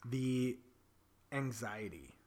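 A man telling a personal story in a candid, confessional way, often dropping to a breathy near-whisper and swearing bluntly. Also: medium pitch, lively intonation, drawn-out words, a little mellow. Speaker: vlogger telling his own story.

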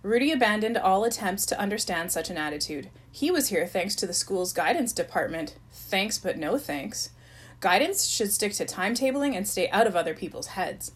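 A woman reading a novel aloud, narrating in an even storytelling voice. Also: medium pitch, moderate pace, breathy edge, low-quality recording. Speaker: reader.

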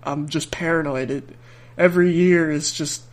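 A young man with a slightly high voice tells a story on a podcast. He rambles, restarts his sentences and laughs through the telling. His talk is relaxed and chatty. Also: moderate pace. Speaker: podcast host. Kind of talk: casual storytelling.

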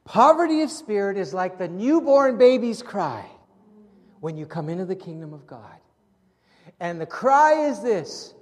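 A man preaching a sermon in an animated way, acting out scenes from the Gospels in different voices. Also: high-pitched, measured pace. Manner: animated, acts out Bible scenes with shifting voices. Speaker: pastor. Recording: long hall reverb.

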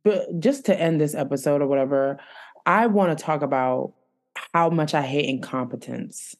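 A woman's voice: deep voice, moderate pace. A woman co-hosting a home podcast, ranting with exasperation and plenty of swearing while telling a story. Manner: exasperated, profane, animated storytelling. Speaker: podcast co-host. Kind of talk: casual ranting chat. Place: home room with dogs.

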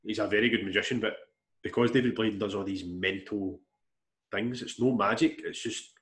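Scottish male co-host, low pitch, blunt plain-spoken banter. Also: steady tone, normal speed, a bit bright. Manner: blunt, sweary, explains things plainly. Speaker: podcast co-host. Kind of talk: casual chat.

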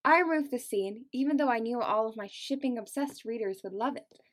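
A woman co-hosts a chatty podcast, reading passages aloud and breaking off with giggles and dramatic asides. Her voice sits fairly high for a woman, and she sounds tired. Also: fairly quick. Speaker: podcast co-host.

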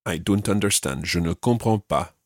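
A man teaching a podcast language lesson, patiently repeating phrases slowly and clearly. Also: low-pitched, no room sound, studio quality.

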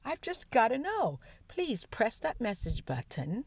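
Slow-talking older woman podcast host. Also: fairly high pitch, wildly swooping pitch, gravelly. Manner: chatty, prayerful, laughs often. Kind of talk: casual comedy podcast chat.

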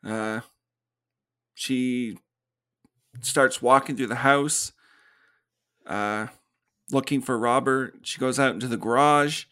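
A man co-hosting a podcast goes over a movie's plot in casual review chat, imitating the characters and laughing often. He speaks slowly with frequent pauses, in a medium pitch that stays fairly even and has a sharp edge.

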